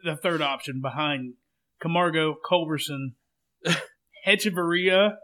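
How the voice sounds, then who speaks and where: A male podcast co-host with a bright, somewhat high voice. He chimes in with easygoing, wry remarks during casual sports chat. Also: a little slow.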